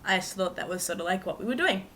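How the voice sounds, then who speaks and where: A woman's voice: mid-range voice, quick pace, sharp tone, slight background noise. A young woman vlogger telling a personal story to camera in a chatty, rambling, self-mocking way with lots of asides.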